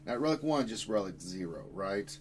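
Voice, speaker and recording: A man's voice: on the low side, lively intonation, moderate pace, crowd noise, poor audio. A man hosting a casual gaming stream, rambling and swearing with playful exasperation. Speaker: stream host.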